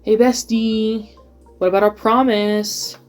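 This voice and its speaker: A woman's voice: on the high side, flat delivery, slow pace, faint music behind, pitched above the performer's own voice. A woman voicing a clingy, pushy male frog prince from a fairy tale, whining and pleading in a storybook retelling.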